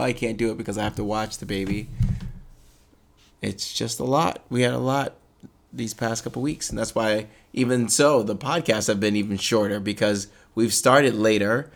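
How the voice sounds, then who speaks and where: A man's voice: fairly low pitch, steady tone, brisk, creaky. A man casually chatting as a podcast co-host, rambling and laughing often. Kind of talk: casual chat.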